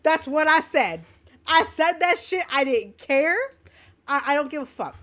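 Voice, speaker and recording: A woman's voice: high-pitched, expressive, measured pace, fairly bright tone. A woman co-hosting a podcast, telling a story in a brash, swear-filled casual chat. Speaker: podcast co-host.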